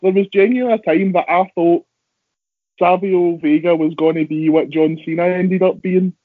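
The speaker, a young Scottish man who wrestles professionally, meanders through easygoing podcast talk with self-mocking comments. His voice sits high and steady at a moderate pace, recorded dry with a phone-like lo-fi quality.

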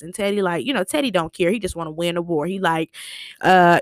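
A woman's voice: on the low side, brisk, no room sound, clean studio sound. A woman casually recapping a TV episode, telling it in a chatty, slangy way with lots of fillers.

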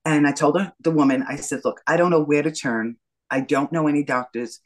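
This middle-aged interview guest, whose voice sits low, talks a little fast while animatedly sharing her story and playing out the dialogue. The audio is poor.

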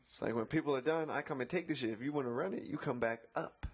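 A man's voice: mid-range voice, fast, slightly rough. A man who works as a beach umbrella attendant, casually retelling a run-in with a customer, acting out both sides and swearing often. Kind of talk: casual storytelling chat.

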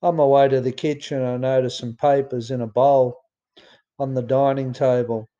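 A man's voice: mid-range voice, little pitch movement, moderate pace, warm tone, highs cut off. A man with an Australian accent reading his own memoir aloud in a plain storytelling way, with some fillers and restarts. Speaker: memoir narrator.

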